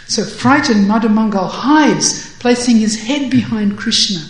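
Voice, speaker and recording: A woman narrating a devotional story in a slow, deliberate way. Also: on the high side, reverberant, poor audio.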